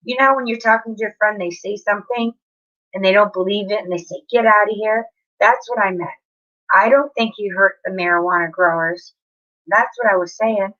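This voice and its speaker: A woman's voice: mid-range voice, fairly quick, fairly bright tone. Chatty woman on a lo-fi live stream. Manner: apologetic, chatting to viewers in chat. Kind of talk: casual live-stream chat.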